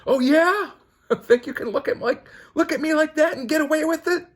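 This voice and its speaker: A man's voice: extremely high pitch, normal speed, voice pushed up. A man voicing a feisty, brash young woman from a comic, indignant and scolding. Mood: taunting. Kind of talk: comic book read-aloud.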